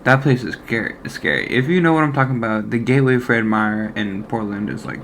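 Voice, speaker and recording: A man's voice: medium pitch, animated, brisk, fairly bright tone, a little hiss or hum. Rambling young man telling a profane story. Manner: rambling and profane, heavy slang fillers. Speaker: former deli worker telling a story. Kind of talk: casual personal storytelling.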